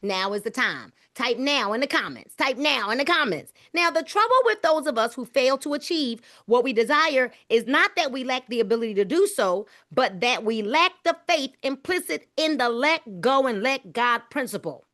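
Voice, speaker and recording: Female book club host, fervent preacher-style delivery, high and lively pitch. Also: moderate pace, hardly any pauses. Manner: fervent, preacher-like, repeating phrases; casual informal speech. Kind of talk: preachy live book-club reading and commentary.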